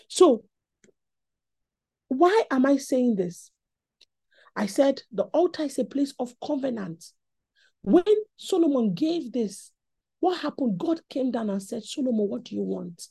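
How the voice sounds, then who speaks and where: A woman with a Nigerian accent preaching a sermon in an animated teaching style. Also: sits high, vocal fry, husky.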